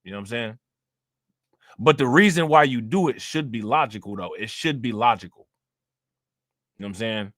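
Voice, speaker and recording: Young guy w/ riffing on stream, lots of "you know", bright dry voice. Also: medium pitch, animated, moderate pace, long pauses, no echo. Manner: loose and conversational, fillers and repeats. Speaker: livestream commentator. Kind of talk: casual live commentary reading chat.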